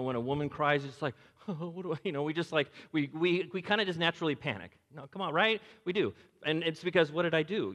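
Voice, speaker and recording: Middle-aged male pastor, conversational sermon, mid-pitched voice, big reverberant sanctuary. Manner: conversational and animated, swings between emphatic highs and quiet lows. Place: church sanctuary. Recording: long reverb of a large hall.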